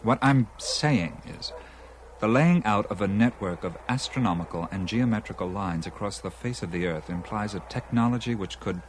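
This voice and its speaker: A man's voice: lowish voice, normal speed, a little hiss or hum, natural voice, rough recording. A man playing an eager dinner guest, lecturing. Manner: eager lecturing, talks while eating. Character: enthusiastic man lecturing on ancient mysteries. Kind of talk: film dialogue.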